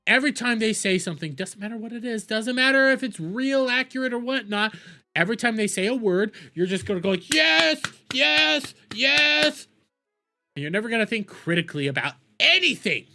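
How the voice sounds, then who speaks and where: A man's voice: high-pitched, bright, forceful tone. A man ranting profanely in a heated, mocking commentary as a streamer reacting to videos.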